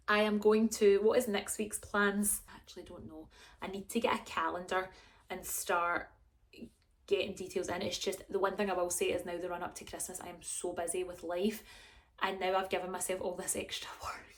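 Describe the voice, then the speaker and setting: A young woman, chatting to camera in a rambling, self-mocking way as a vlogger. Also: medium pitch. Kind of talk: casual chat to camera.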